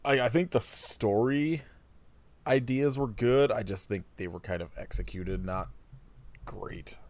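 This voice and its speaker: A man's voice: medium pitch, a little slow, dry recording. A man co-hosting a podcast, chatting loosely about a film with dry sarcasm. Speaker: podcast co-host. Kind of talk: casual film-review chat.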